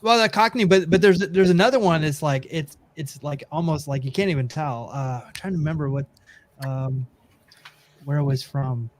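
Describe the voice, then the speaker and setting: Giggly podcast host, slightly higher voice, halting and chatty. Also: male voice. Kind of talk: casual podcast banter.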